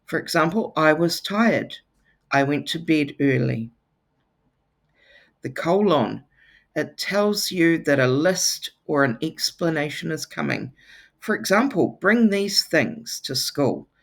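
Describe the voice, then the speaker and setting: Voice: medium pitch, lively intonation, takes it slowly, creaky. A teacher gives a lesson to children, with playful, teasing asides.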